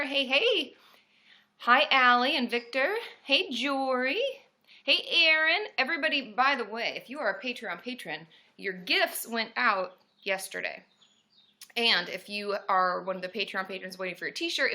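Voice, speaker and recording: Speaking in a slightly high voice, a woman therapist hosts an easygoing home live stream. She greets her viewers by name and now and then lets out loud cheers.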